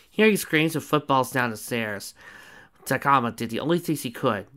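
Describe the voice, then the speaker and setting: A man's voice: mid-range voice, animated, moderate pace, sharp tone. A man reading fan fiction aloud in a casual way, with small stumbles and joking asides. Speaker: fanfiction reader.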